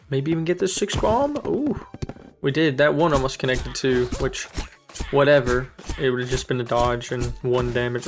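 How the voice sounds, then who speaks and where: A young man giving casual, upbeat commentary while playing a video game, thinking aloud and amused by his own plays. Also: medium pitch. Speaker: gaming streamer. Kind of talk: casual let's-play commentary.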